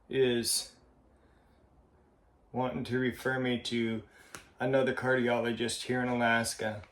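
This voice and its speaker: A man vlogging in a slow, halting, heartfelt way, with a frequent cough. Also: medium pitch, fairly bright tone. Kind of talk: personal vlog monologue. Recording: roomy echo.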